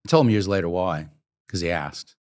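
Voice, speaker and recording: Middle-aged man with a deep voice, relaxed interview guest who tells stories and plays out every line of dialogue himself. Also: a little fast, clean tone. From Oregon, USA. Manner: vivid anecdotes, acts out dialogue, casual swearing. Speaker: interview guest, coffee entrepreneur. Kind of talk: conversational storytelling.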